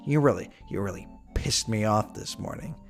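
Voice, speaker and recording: Man playing a hushed, menacing villain, low and slow, creepy calm. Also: vocal fry, soft background music. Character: menacing young man captor, calm and vengeful.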